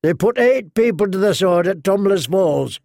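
A man's voice: high-pitched, animated, normal speed, vocal fry, a little mellow, no echo, clean studio sound, voice pushed up. A man voicing a hostile middle-aged townsman in an audiobook, curt and snapping orders.

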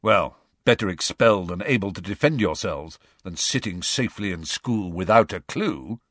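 Sirius, a man reading a brisk, frank wizard. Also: low voice, animated, fairly bright tone, no echo, studio quality. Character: adult male wizard, wry, bold, fond godfather. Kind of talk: audiobook character voice.

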